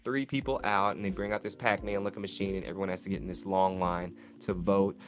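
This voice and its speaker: Low-voiced man hosting a casual podcast. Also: quick pace. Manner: relaxed, loose questions with fillers. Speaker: podcast host. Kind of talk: casual interview.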